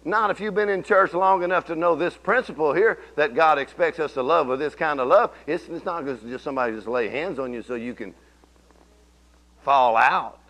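Man, middle-aged pastor, folksy storytelling sermon, bright forceful tone, slightly high voice. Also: moderate pace. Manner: folksy storytelling preacher, swings from low murmurs to loud exclamations.

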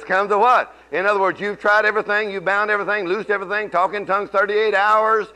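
A middle-aged pastor preaches with a bright, forceful edge to his slightly high voice. He tells homey stories in a conversational drawl, dropping to murmurs and then rising to ringing exclamations. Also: brisk, few pauses. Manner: folksy storytelling preacher, swings from low murmurs to loud exclamations. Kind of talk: sermon.

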